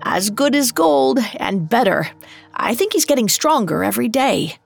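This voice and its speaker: A humble, loving family father, voiced by a woman narrator in a storybook reading, tender and brave-faced. Slow, slightly gravelly delivery over faint music. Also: medium pitch, big pitch swings, exaggerated voice.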